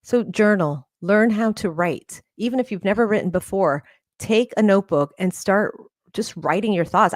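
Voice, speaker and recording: A woman's voice: mid-range voice, normal speed, dry recording, studio quality. A woman therapist, a guest on a podcast, talking in an earnest, encouraging way. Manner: earnest, encouraging, laughs often. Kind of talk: casual interview talk.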